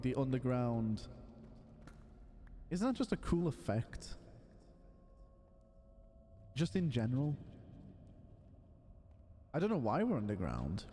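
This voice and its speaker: Man, young adult, playful game streamer, animated pitch, echoing long reverb. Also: a little hiss or hum. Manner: excitable and playful, loud exclamations and silly voices. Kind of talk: live gameplay commentary.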